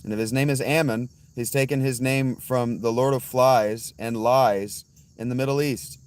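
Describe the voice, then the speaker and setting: A hoarse man hosting a casual livestream, answering chat bluntly and calling out viewers by name. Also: mid-range voice, fairly even intonation, normal speed, a little mellow. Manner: blunt, swears, addresses chatters by name. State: hoarse, worn-out voice. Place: outdoors at night with insects.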